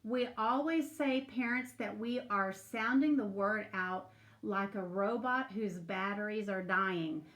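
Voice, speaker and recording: A woman's voice: mid-range voice, takes it slowly, a bit bright. A woman teacher leading a remote phonics lesson for young children, patiently prompting and stretching out sounds.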